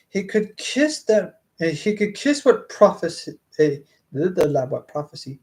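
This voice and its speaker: Brief: male streamer reading a book aloud, fairly high voice, unhurried, trips over words, laughs at his own asides. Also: expressive, a little mellow. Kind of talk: reading a novel aloud live, with chatty asides.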